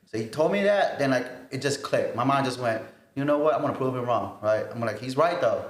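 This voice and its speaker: A man's voice: medium pitch, fairly quick. Laughing twenties man, roomy sound. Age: 20s. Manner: animated storytelling, often laughing. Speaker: podcast co-host. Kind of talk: casual podcast chat.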